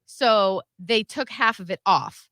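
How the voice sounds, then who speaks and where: A woman's voice: medium pitch, takes it slowly, dry recording, studio quality. A young woman co-hosting a radio show, chatting casually and telling stories with lots of "like" and quoted voices. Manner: animated storytelling with quoted voices and frequent "like". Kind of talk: casual chat.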